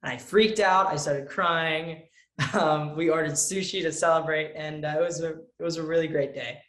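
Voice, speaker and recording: A teenage boy talks with earnest, lively energy. His voice sits a little high for a male speaker, and the room around him has a noticeable echo. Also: normal speed. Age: teens. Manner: earnest, lively, acts out quotes with a raised voice. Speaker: young actor, interview guest. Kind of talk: casual interview answers.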